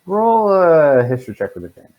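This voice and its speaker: Relaxed man running a tabletop game. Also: a little high, a little fast, muffled recording. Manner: relaxed, hesitant with fillers. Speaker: dungeon master.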